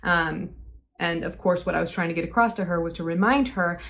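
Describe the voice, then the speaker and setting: A young woman telling her side of a falling-out in a personal vlog, earnest and hesitant with many pauses. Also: fairly low pitch, a bit bright. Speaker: vlogger.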